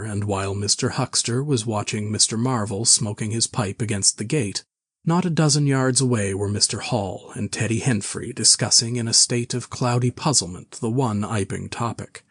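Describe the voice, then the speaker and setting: A man narrating a classic novel in a measured, even way. His voice is low and husky. It sounds dry and close to the mic. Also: dry recording.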